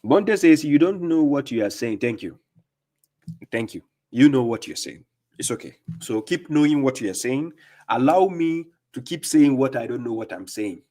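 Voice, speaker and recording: A man's voice: mid-range voice, lively intonation, normal speed, warm tone. Man hosting a live Q&A. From Ghana. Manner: reads comments aloud and retorts, with frequent fillers. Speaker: livestream host answering viewer comments. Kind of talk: live Q&A on a religious stream.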